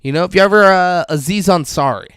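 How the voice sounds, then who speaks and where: A man co-hosting a podcast, casually recapping a TV episode with animated, profane retellings and frequent laughs. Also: sits high, quick pace, clean tone, no echo, clean studio sound. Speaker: podcast co-host.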